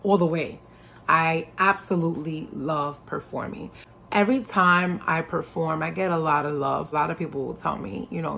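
A young woman from New York, a singer and rapper, chatting in a lively, upbeat way about her music. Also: low voice, normal speed, vocal fry, a little hiss or hum. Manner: lively and upbeat, animated when excited. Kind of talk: casual interview talk.

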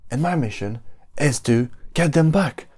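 Brief: over-the-top male video host, high and loud, hype-man delivery, put on by a low-voiced man. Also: lively intonation, a little slow, breathy edge. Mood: hyped. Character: overexcited male video host hyping stunts.

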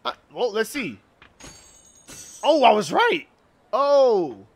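A man giving gaming commentary, excitable and profane, reacting out loud as he plays. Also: high voice, slow pace. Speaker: gaming video host.

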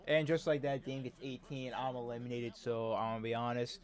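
A man's voice: medium pitch, little pitch movement, brisk. A man giving casual gameplay commentary while playing a basketball video game, often exasperated and complaining aloud at the game.

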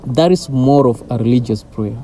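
A man's voice: medium pitch, moderate pace, warm tone, slight background noise. A man giving an informal devotional talk as a Christian teacher, earnest and driving his points home through repetition.

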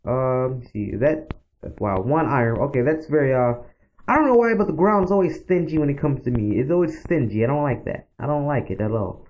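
A man giving casual, rambling commentary as he plays a game, talking straight to his viewers. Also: mid-range voice. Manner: chatty, rambling, talks to viewers. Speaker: gaming channel host. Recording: dull lo-fi mic with faint noise.

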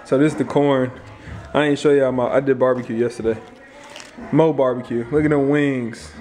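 A man's voice: mid-range voice, fairly even intonation, normal speed, a little mellow. A man hosting a casual home vlog, joking around in a playful way and now and then singing along. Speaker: vlog host. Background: gospel music playing faintly.

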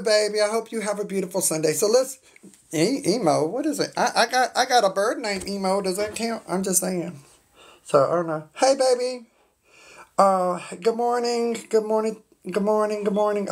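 A woman's voice: medium pitch, normal speed. A woman, chatting on a phone live stream and greeting viewers by name. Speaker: livestream host. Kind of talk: casual live stream chat. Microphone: phone on a stand.

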